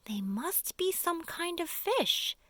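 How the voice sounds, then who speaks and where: A woman voicing a slow old grasshopper. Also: very high voice, very animated, bright, forceful tone, no room sound, voice pushed up, exaggerated voice. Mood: musing. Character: old, wise male grasshopper.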